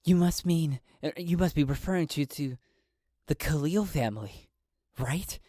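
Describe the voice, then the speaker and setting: A man's voice: on the high side, a little slow, dark tone, dry recording, studio quality. A man narrating a solo tabletop game and voicing a frightened woman in her late thirties, an accountant, who stammers nervously. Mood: cooperative.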